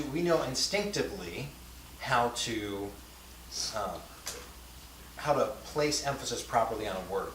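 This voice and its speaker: A man with a fairly low, slightly bright voice teaches a language class in a conversational lecture style, often using fillers and checking in with students. The recording sounds like an echoey classroom captured from a distance, with faint hiss.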